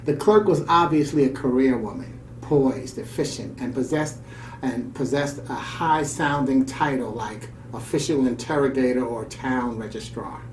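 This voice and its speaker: A radio show co-host reads a story aloud, warmly and reflectively, slipping in his own off-the-cuff asides. His voice is medium-pitched at a moderate pace. A distant mic gives a roomy sound with faint ambience and a little hiss or hum.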